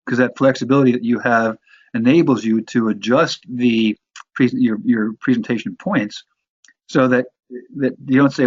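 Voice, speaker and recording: This course instructor, a New York-area man, talks through sales presentations in a loose, conversational style, often restarting and repeating words. He speaks at a normal speed with a medium pitch, fairly even intonation, and a breathy edge. There's no echo, though the high frequencies are missing.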